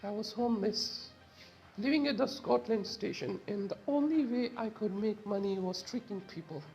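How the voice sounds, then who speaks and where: A woman's voice: medium pitch, moderate pace, a little mellow, highs cut off, soft background music, voice pushed down, close to an everyday voice. A woman reading a story game aloud, voicing a guilty young traitor who earnestly explains herself.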